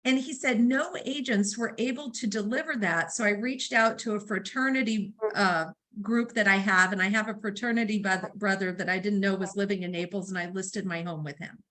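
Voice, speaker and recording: Bright, lively woman running a training session. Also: mid-range voice, a little fast, few pauses, poor audio. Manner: storytelling, acts out dialogue; conversational, uses fillers like um and right. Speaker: real estate trainer. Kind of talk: training seminar talk.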